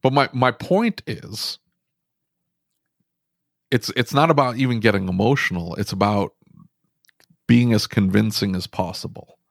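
Male, low register, dry close-mic sound; animated podcast storyteller who restarts often. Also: a little slow, creaky, long pauses, no room sound. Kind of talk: casual podcast conversation.

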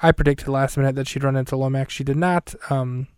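A man's voice: mid-range voice, fairly even intonation, brisk, a little mellow, smooth, no echo, studio quality. A man hosting a podcast, casually recapping a film scene by scene in a rambling, self-correcting, light and jokey way. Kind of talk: casual chat.

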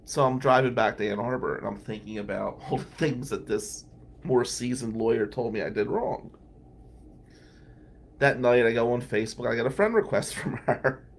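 A man's voice: medium pitch, normal speed, gravelly, slight background noise. A man telling a candid, wry personal story as a podcast host, laughing now and then between lines. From New Jersey.

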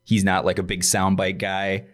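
A man's voice: sits low, completely flat delivery, normal speed. A man co-hosting a casual basketball podcast, explaining details patiently and peppering his talk with "like". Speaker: podcast co-host. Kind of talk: casual sports chat.

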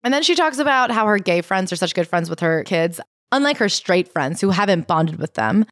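A woman's voice: mid-range voice, sing-song, a little fast, fairly bright tone, no room sound, clean studio sound. A woman co-hosting a podcast, recapping a celebrity book in a casual, sarcastic way and laughing often. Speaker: podcast co-host.

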